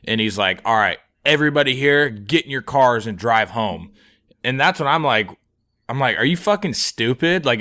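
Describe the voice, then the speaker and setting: A man's voice: mid-range voice, pushed and bright. A man in his twenties on a comedy podcast, telling a story in a rambling, profane way, full of fillers. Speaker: podcast co-host. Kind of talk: casual storytelling chat.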